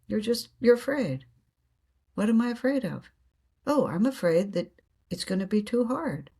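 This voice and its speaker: A woman's voice: mid-range voice, big pitch swings, moderate pace, dark tone, breathy edge. A woman guest telling reflective spiritual stories in an earnest way, laughing often and acting out her inner dialogue.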